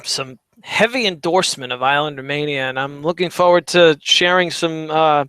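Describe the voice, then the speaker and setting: A man with a bright, smooth voice, teasing his co-host in a wry, playful way. He steers the chat with questions. The sound is close and dry. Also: a little high, moderate pace, dry recording. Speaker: podcast co-host. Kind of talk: casual sports podcast chat.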